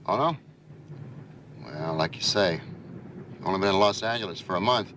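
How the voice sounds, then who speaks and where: An actor playing a sleazy, pushy male driver who coaxes a young woman with a smooth, lilting voice in an old TV crime drama. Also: deep voice, normal speed, fairly bright tone, a little hiss or hum. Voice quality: smooth, coaxing. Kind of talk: 1970s TV crime drama acting.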